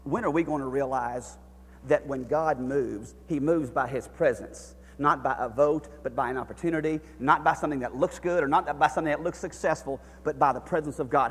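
A high-pitched male preacher delivering a fervent sermon, dropping to a hush one moment and rising to a near-shout the next. His voice rings out with a long reverb tail, as in a large church hall. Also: a little fast, slightly rough. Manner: passionate, swings between hushed and near-shouted delivery.

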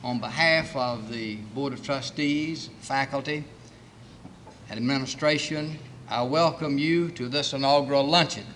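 A man chairing a committee, giving a formal, measured welcome address and reading out lists of honored guests. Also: medium pitch, a bit bright, a little hiss or hum.

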